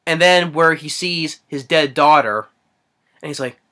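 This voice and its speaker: Bright-voiced man rambling through a film recap. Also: fairly high pitch, a little slow. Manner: rambling, hesitant, heavy on fillers. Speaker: movie reviewer. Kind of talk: casual spoken movie recap.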